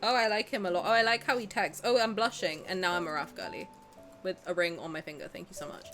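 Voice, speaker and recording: A woman's voice: on the low side, steady tone, fast talker, fairly bright tone, soft background music. A young woman streaming a game, chatting casually and rambling to her chat with giggles.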